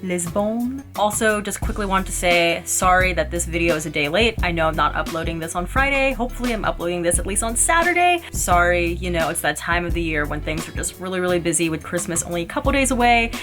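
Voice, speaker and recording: A woman's voice: on the low side, expressive, quick pace, few pauses, over music. A woman giving casual reaction commentary on a TV episode, chatty and emotional, using lots of "like". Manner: chatty, emotional, filler-heavy. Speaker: reaction vlogger. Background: the show's audio playing.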